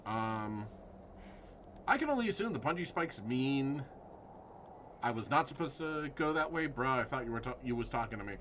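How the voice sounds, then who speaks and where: A man's voice: mid-range voice, expressive, normal speed, pauses often, fairly bright tone, a little hiss or hum. A man streaming a horror game live, jumpy and swearing at scares while chatting with his viewers.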